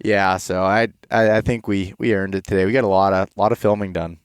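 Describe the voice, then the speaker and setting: Male podcast host, young, tired and stuffed up, low voice, smooth and clear, dry sound, rambling casual chat. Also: fairly quick, dry recording. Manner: relaxed, rambling with restarts.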